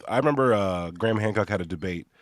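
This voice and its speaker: Man, podcast host, very deep voice, soft-spoken, hesitant, dry sound. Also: fast, dry recording. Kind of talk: casual podcast conversation.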